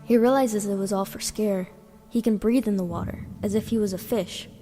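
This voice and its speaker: A woman reading her own short story aloud in a plain, steady way. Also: medium pitch, moderate pace. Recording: reverberant with background music.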